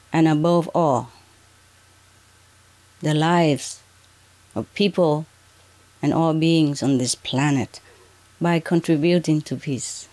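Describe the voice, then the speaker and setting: A woman spiritual teacher addressing an audience under bright spotlights, speaking in halting, broken English with frequent "okay" and "huh". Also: deep voice. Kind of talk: addressing an audience from a prepared reading.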